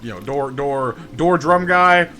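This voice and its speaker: A man's voice: mid-range voice, expressive, measured pace, sharp tone. A man streaming a game live, telling a rambling story and greeting his chat with lots of stammered restarts. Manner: chatty storyteller, repeats words when starting sentences.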